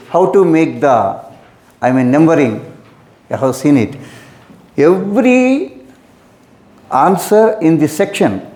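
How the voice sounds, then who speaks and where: Male English teacher, slow and deliberate, pitched a bit high, echoey room. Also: a little mellow. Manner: repeats instructions, addresses students as "my dear". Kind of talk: exam-preparation lesson.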